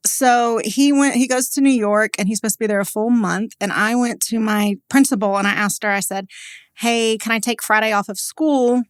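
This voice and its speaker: A Texas business owner in her forties guests on a podcast, sharing a personal story in a candid, conversational way, dropping "like" constantly and laughing quickly. Her voice is on the high side and clean-toned. The studio sound is clean with no echo.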